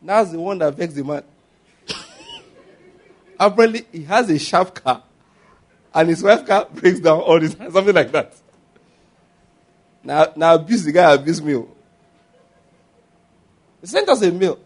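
A man preaching a sermon as a pastor, animated and often laughing as he mimics others. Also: on the high side, unhurried, pauses often.

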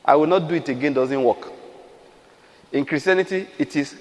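A man's voice: on the high side, normal speed, long pauses, big-room sound. A man preaching a sermon, emphatic, asking the listeners rhetorical questions and acting out quotes.

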